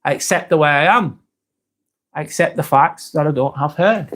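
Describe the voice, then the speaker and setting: A man's voice: on the high side, moderate pace, a bit bright. A man hosting a live stream, chatting casually, reading viewer comments aloud and swearing now and then.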